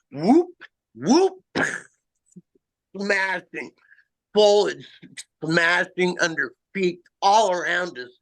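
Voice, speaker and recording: A middle-aged man recounts a strange outdoor encounter in first person. His voice sits a bit high for a man, and he takes his time, halting and restarting with a self-mocking edge. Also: sharp tone, low-quality recording. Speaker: amateur Bigfoot researcher.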